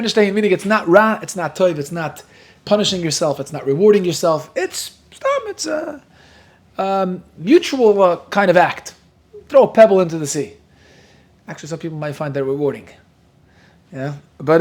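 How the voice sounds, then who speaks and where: A man whose first language is Yiddish, teaching a Talmud class in a lively, joking way. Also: sits high, moderate pace. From Williamsburg, Brooklyn. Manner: lively, joking, mixes Hebrew and Yiddish terms into English.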